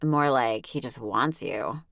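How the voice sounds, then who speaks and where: A woman's voice: extremely low pitch, slow, vocal fry, a bit bright, no room sound, studio quality, exaggerated voice. A woman voicing a teasing, gossipy young woman friend with a sing-song manner in an audiobook.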